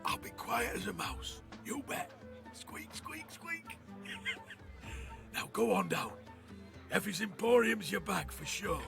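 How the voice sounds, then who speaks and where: A cheery male dwarf who laughs at his own gags in a very high, wildly swooping voice with a gravelly edge. He is in a video game, and music plays faintly behind him. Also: huge pitch swings, takes it slowly, long pauses, full character voice. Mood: playful. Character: cheery joking male dwarf tavern-goer.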